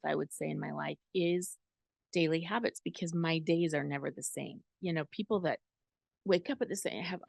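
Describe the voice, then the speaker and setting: A woman's voice: lowish voice, vocal fry, no echo. A middle-aged woman hosting a podcast in casual chat, gushing and emotional as she talks with her son. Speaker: podcast host.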